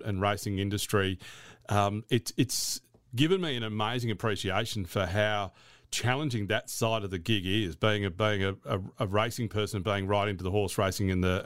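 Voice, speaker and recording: Smooth-voiced male radio host. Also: lowish voice, dry recording. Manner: friendly, easygoing, some restarts. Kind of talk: casual radio interview. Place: radio studio. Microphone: studio mic.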